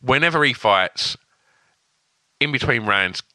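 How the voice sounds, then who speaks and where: A man's voice: mid-range voice, lively intonation, slow, bright, forceful tone, no room sound. A man co-hosting a podcast in loose, rambling casual chat. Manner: loose, rambling, with many fillers. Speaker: podcast co-host.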